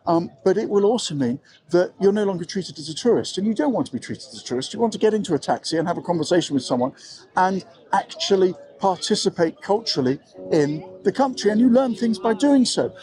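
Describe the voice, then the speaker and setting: A man's voice: high-pitched, animated, quick pace, a little mellow. A middle-aged English man giving frank, conversational advice to camera, a little self-deprecating. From England. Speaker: vlogger living abroad.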